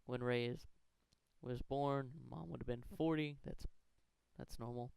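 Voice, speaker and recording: Earnest rambling man, crisp dry voice. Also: medium pitch, steady tone, measured pace, darkish tone, no echo, rough recording. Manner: rambling, self-correcting, earnest. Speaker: fan theory video maker. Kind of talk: casual countdown commentary.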